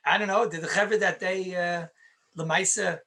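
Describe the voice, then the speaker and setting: A man's voice: high voice, steady tone, moderate pace, bright, forceful tone. A man, a rabbi, teaching Jewish law in a conversational lecture, stressing points by repeating them and answering his own questions.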